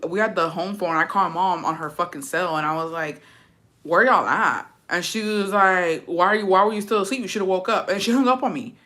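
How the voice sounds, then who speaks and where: Reading out viewer comments and reacting to every one, a woman vlogger speaks in a fairly low-pitched voice that still sounds bright and ringing. She swears freely and uses blunt slang while telling animated stories.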